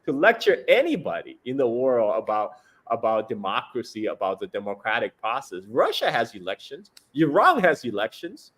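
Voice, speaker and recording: A man's voice: medium pitch, huge pitch swings, normal speed, fairly bright tone. A man giving casual political commentary, ranting with many restarts and repeated words; his is not English. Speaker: guest commentator.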